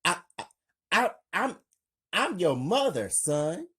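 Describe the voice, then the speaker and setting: A frail mother, as a man reads her part, stammers through each phrase, cut off by coughs. Her voice is husky and slow. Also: high voice, very animated, bright, forceful tone, voice pushed up, exaggerated voice. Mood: pleading.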